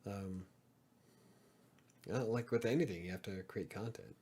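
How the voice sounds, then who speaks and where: Rambling low-voiced man, casual chat. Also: a little slow, mellow, slightly rough. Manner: rambling, self-deprecating, swears casually. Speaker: podcast host. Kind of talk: casual live-stream chat.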